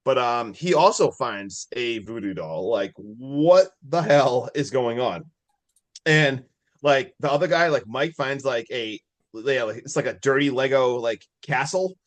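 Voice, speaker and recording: A man co-hosting a podcast, excitedly retelling a horror movie plot in casual chat, full of fillers and swearing. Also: medium pitch, unhurried. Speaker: podcast co-host.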